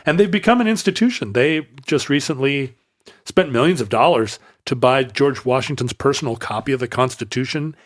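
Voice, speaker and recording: A man's voice: medium pitch, brisk. Male podcast host, mid-range voice, loose rambling storyteller. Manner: rambling with restarts and asides. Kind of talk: casual storytelling chat.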